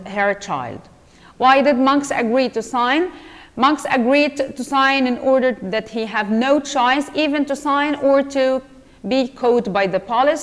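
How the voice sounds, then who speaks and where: A woman with an Egyptian accent, an English teacher retelling a novel chapter to students and explaining it slowly. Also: in a large hall. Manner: slow, explaining, acts out quotes in a lowered voice.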